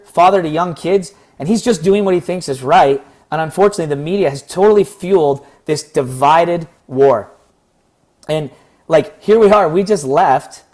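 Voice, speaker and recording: A young man from Canada reflects on a recent experience in a casual vlog. His voice sits a little high and is slightly hoarse. He rambles earnestly and acts out the back-and-forth of conversations as he retells them. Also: darkish tone. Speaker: vlogger.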